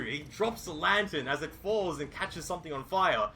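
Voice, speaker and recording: Man, game master narration, improvised storytelling, gravelly, somewhat high voice. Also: normal speed. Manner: lively, improvised storytelling with restarts.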